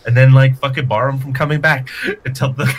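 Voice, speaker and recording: A man's voice: medium pitch, steady tone, fairly quick. A man co-hosting a casual podcast, chiming in with jokes and frequent laughter. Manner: laughing often, joking asides. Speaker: podcast co-host.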